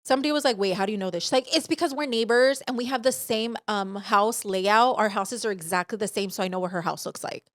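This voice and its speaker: A young woman co-hosting a podcast, telling a story in animated, profane casual chat and acting out the voices she quotes. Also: mid-range voice, fast, no room sound, clean studio sound. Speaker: podcast co-host. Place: podcast studio.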